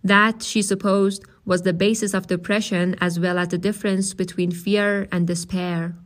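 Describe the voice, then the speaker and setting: Woman reading a novel aloud steadily. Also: mid-range voice. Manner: measured, steady narration. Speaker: audiobook reader.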